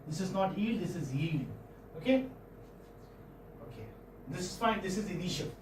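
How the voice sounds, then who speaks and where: A man with an Indian English accent giving a classroom phonetics lecture, halting and often checking in with students. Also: high voice, expressive, slight background noise. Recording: roomy classroom audio from far off.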